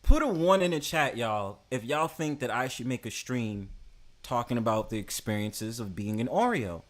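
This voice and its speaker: A man's voice: mid-range voice, lively intonation, moderate pace. Slangy, joking man hosting a stream. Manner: slangy and joking, with filler phrases. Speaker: stream host. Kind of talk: casual livestream chat.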